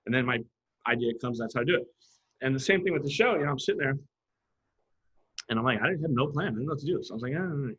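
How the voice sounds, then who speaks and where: A man's voice: mid-range voice, fast talker, pauses often, husky, highs cut off. A man, a graffiti artist telling stories in casual chat and acting out other people's lines. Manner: animated storyteller, acts out other people's lines in quotes. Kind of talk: casual storytelling.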